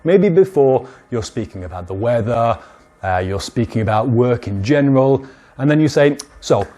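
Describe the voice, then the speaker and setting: In a mid-range voice, this man teaches English at a slow pace, performing short example phrases and stressing the important words with energy.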